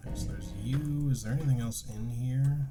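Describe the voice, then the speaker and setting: A man's voice: mid-range voice, a little fast. A young man casually commenting on his gameplay, chatty, laughing often and swearing, over game music. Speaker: game streamer.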